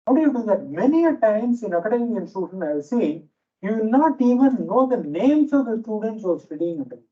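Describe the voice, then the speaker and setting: A man's voice: high-pitched, very animated, quick pace. A man with an Indian English accent, lecturing teachers as a management teacher, telling stories and repeating key phrases for emphasis. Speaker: management teacher giving a faculty talk. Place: lecture hall with a noisy fan. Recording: dull, distant hall recording.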